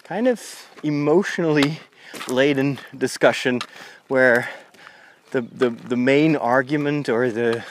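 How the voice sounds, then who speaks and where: Man, priest, walking podcast, rambling chatty delivery, mid pitch, outdoor lavalier recording, faint background noise. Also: slow. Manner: rambling, conversational, with frequent restarts. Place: outdoors on a country path. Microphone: lavalier mic on a phone.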